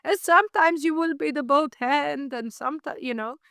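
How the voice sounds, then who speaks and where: A woman's voice: high-pitched, moderate pace, sharp tone, no room sound, clean studio sound, voice pushed up. A woman putting on the voice of her wealthy older male boss, listing duties in an offhand, commanding way. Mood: breezy.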